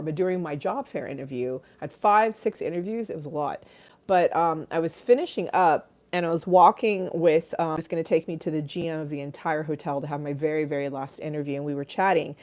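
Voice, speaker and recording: A woman's voice: low-pitched, darkish tone. A middle-aged woman hosting a livestream, telling stories in a casual, chatty way, often laughing and acting out the voices in them. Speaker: livestream host.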